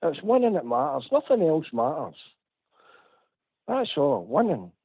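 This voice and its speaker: A Scottish man on a tinny phone line, venting hard at a radio phone-in. His voice swings widely up and down as he repeats his points with rising heat. The sound is thin and husky. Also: on the high side, huge pitch swings, unhurried. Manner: impassioned, repetitive complaining. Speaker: caller. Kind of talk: heated phone-in rant.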